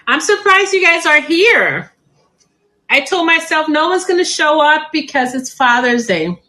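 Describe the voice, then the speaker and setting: A woman's voice: sits high, very animated, measured pace, sharp tone, a little hiss or hum, rough recording. A middle-aged woman hosting a live plant sale stream, chatty and laughing often.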